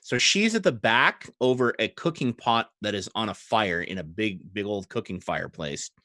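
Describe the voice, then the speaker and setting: A man narrating as game master, relaxed and conversational. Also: on the low side, normal speed, no room sound, studio quality.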